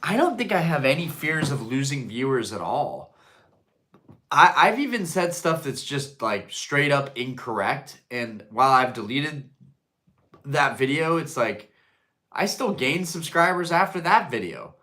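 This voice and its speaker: A young adult man hosting a live stream, chatting casually and profanely while reading chat out loud. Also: mid-range voice, sing-song, a little slow.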